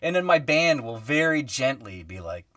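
Animated man telling stories. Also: medium pitch, moderate pace, no room sound, studio quality, recorded from a distance. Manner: animated storyteller, acts out quoted voices, many fillers. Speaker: guest musician. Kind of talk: casual podcast storytelling.

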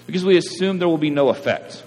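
Pastor preaching in a reverberant hall. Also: male voice, a little high, fast talker, a little mellow. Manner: conversational preaching with frequent "right?" asides. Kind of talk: sermon. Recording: reverberant hall, mains hum.

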